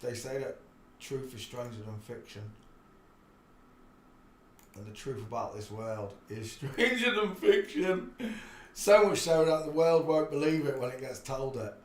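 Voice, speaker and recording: Medium-pitched and sing-song, this livestream host talks at an unhurried pace, rambling casually and breaking into frequent laughter between tangents. The sound is echoey, with faint noise in the background.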